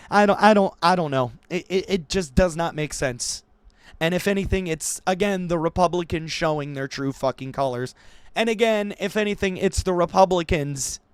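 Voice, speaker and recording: A man reading news stories aloud and ranting about them in a profane, animated commentary for his channel, recorded on a desk microphone at home. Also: fairly high pitch, smooth, no room sound. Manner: animated, swearing, laughing, ranting. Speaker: political commentary YouTuber. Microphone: new desk microphone.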